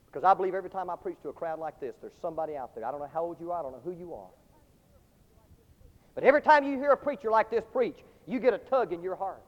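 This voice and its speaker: A man preaching a sermon to a large crowd, telling a story with passion and dropping from shouts to hushed tones. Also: sits high, lively intonation, quick pace. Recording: dull lo-fi recording with long hall reverb.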